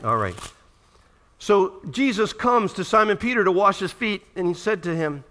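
A man preaching a sermon, telling Bible stories with animated voices and checking in with his listeners. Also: high voice, moderate pace. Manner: animated storytelling, acts out quoted voices. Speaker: pastor.

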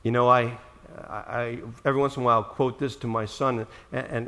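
A middle-aged man preaching a sermon as pastor, acting out quotes dramatically and swinging between loud and soft. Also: medium pitch, steady tone, fairly quick.

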